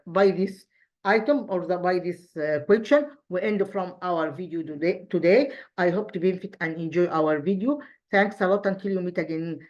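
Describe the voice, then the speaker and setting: A woman teaching an English lesson, explaining slowly with frequent fillers and restarts and spelling out letters. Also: on the low side, muffled recording. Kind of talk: online lesson review.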